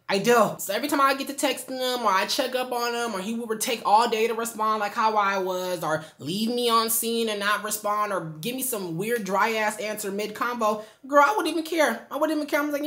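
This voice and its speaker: A young woman chatting casually to her viewers in a storytime vlog, animated and full of slang, recorded indoors at home. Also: mid-range voice, fast, hardly any pauses. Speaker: storytime vlogger.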